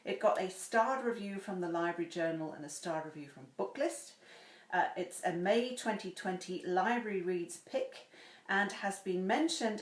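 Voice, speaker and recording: A chatty woman with an effusive manner who hosts a livestream and reads a book's first chapter aloud at home. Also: mid-range voice. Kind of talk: livestream chat and read-aloud. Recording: roomy echo.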